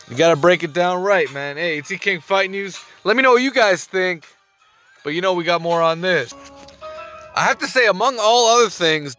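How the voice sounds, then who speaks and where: Male sports-channel host, casual emphatic delivery, high voice, dry room, faint music bed. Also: fairly bright tone. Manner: emphatic slangy talk, repeats phrases, swears. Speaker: boxing news host. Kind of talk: casual commentary to camera.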